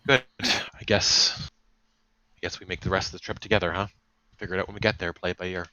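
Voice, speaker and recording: A man narrating as game master in a casual, profane, animated way. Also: low-pitched, quick pace, rough recording.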